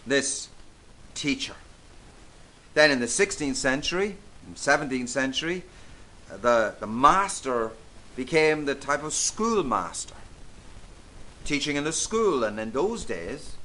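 A man preaching a sermon, emphatic and deliberate, repeating key phrases for weight. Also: medium pitch, big pitch swings, bright, forceful tone.

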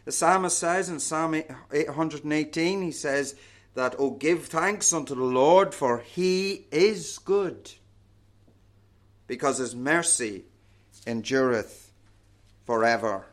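A man delivering a sermon at a very unhurried pace. His voice sits a little high for a man, and each phrase is measured and deliberate, dropping low and soft at the close. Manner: slow, deliberate preaching with falling phrase endings. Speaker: preacher.

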